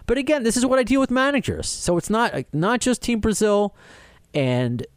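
A man's voice: high-pitched, moderate pace, smooth, no room sound, studio quality. A middle-aged man, a podcast host, telling a rambling story in casual chat, full of restarts and acted-out quotes. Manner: animated, rambling with many restarts and quoted dialogue.

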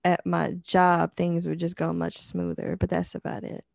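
A woman's voice: lowish voice, monotone, normal speed, gravelly, a little mellow, no echo, studio quality. A woman co-hosting a podcast in laid-back, teasing casual chat. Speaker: podcast co-host.

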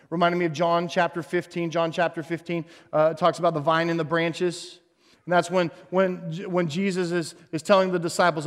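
Man preaching, high voice, long hall reverb, hushed to loud, repeats lines. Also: fairly even intonation, moderate pace. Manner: swings from hushed to loud, repeats phrases for emphasis. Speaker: pastor. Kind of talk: sermon.

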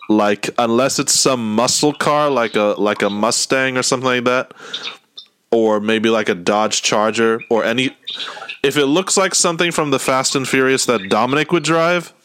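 Low-voiced man chatting casually. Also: slight background noise. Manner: relaxed, rambling, laughs often. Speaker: host. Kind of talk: casual chat.

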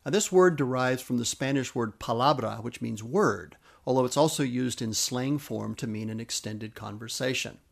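A man's voice: mid-range voice, normal speed, creaky, few pauses. A man hosting a podcast, explaining where words come from with eager enthusiasm and spelling terms out letter by letter. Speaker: podcast host.

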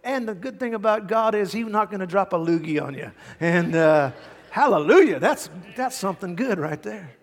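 A middle-aged male pastor preaching a sermon, telling stories with big swings from hushed to loud. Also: sits high, normal speed. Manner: animated storytelling, swings from quiet to loud. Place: large church hall. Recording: hall reverb.

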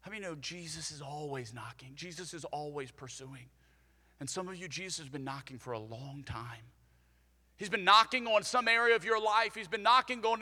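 A young man preaching a sermon, energetic and conversational, leading the congregation to repeat after him. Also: on the high side, normal speed, big-room sound. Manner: energetic, conversational, leads call-and-response. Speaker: pastor.

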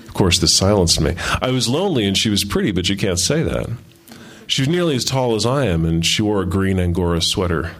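A man reading a first-person story aloud in a measured, wry way. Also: low voice. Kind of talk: reading his fiction aloud.

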